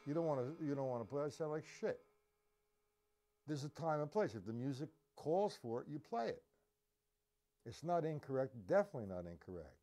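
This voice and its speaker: Relaxed male drum teacher counting time. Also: fairly high pitch, fairly quick, long pauses. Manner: casual, demonstrative, counts beats aloud and scats drum sounds. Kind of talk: live-streamed drum lesson.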